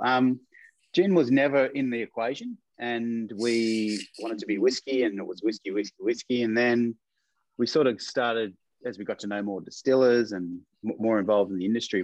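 Relaxed low-voiced man. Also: moderate pace, no echo, low-quality recording. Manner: relaxed, rambling with fillers. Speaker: distillery owner guest. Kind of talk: casual chat.

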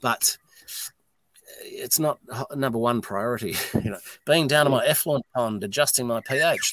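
At a moderate pace and mid-range pitch, with no echo, a middle-aged Australian distillery owner chats as a podcast guest in a casual interview. His storytelling is animated, blunt and full of swearing.

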